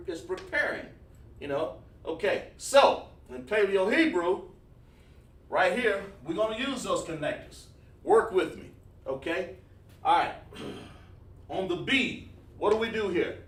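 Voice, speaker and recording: A man's voice: fairly high pitch, slight background noise. A man teaching an online lesson, coaxing students with repeated questions. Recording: echoey room, far from mic.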